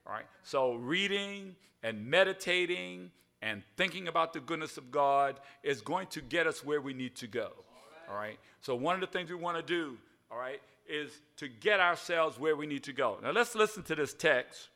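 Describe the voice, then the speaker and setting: A man's voice: on the high side, animated, normal speed, gravelly, sharp tone. An older man preaching an evening sermon in a folksy way, spelling words out and asking "all right?" again and again. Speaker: pastor.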